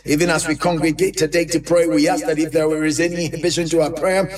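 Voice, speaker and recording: A man's voice: on the high side, level tone, slight background noise. Preacher man with a raised voice. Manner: slow, repetitive, half-sung prayer cadence; speaks in tongues. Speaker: preacher leading prayer. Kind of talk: sermon and congregational prayer. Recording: voice somewhat distant from mic.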